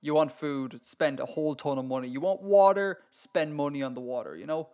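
Animated, ranting Irish man. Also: fairly high pitch, a little fast, smooth. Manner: animated, ranting, laughs often. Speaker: podcast co-host. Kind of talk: casual chat.

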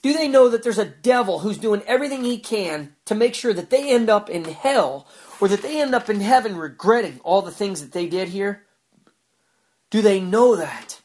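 A man's voice: sits high, lively intonation, normal speed, a little mellow. A man pouring out an anguished, fervent spoken prayer, pleading and repeating himself. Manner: repetitive, fervent.

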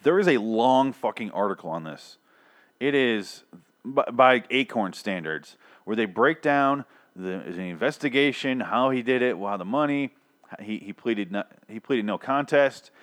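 A man's voice: medium pitch, animated, unhurried, a bit bright. Profane, exasperated man ranting. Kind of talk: casual comedic rant.

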